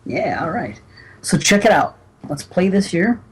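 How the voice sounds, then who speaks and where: A man's voice: high-pitched, very animated, measured pace. A man hosting a podcast in casual chat, stammering through restarts and chuckling as he goes. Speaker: podcast host.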